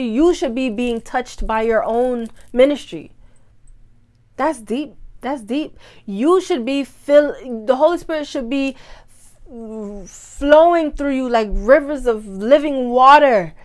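A woman hosting a ministry podcast, preaching in a fervent, casual way, repeating phrases for emphasis and talking straight to her listeners. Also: fairly high pitch. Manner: talks straight to listeners, calls them "y'all". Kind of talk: casual devotional teaching.

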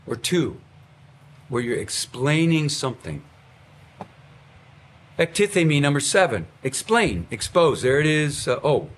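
A pastor teaching a class of pastors in a lively lecture style, with frequent fillers and restarts. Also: male voice, medium pitch, slightly rough.

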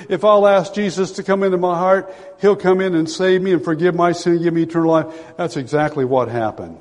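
A man in his sixties preaching a sermon as pastor, dramatic, swinging from loud pleading to hushed low tones. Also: a little fast, few pauses. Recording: long hall reverb.

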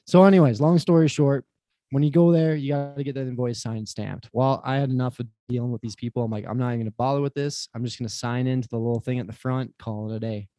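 A man as a podcast guest, swearing freely while he tells an animated story about his job. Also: mid-range voice, quick pace, dry recording. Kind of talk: casual podcast chat.

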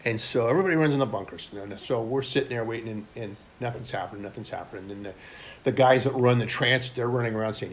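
A man's voice: medium pitch, quick pace, slight background noise. An older military veteran telling his service stories in an interview, rambling and blunt with frequent restarts. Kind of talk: oral history storytelling.

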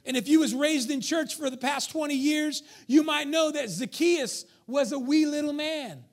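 In a very high voice at a moderate pace, a male pastor delivers a church sermon. He jokes with the congregation and speaks emphatically, moving between shouting and almost whispering.

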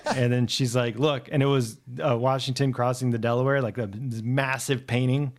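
A man's voice: mid-range voice, fairly even intonation, moderate pace. Rambling laid-back man telling stories. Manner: rambling, laid-back storytelling with frequent "like" and profanity. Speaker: podcast co-host. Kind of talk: casual chat.

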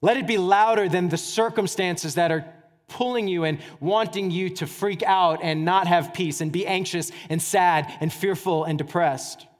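A man pastor preaching a sermon in a conversational, animated way, with casual asides. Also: high voice, normal speed. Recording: church hall reverb.

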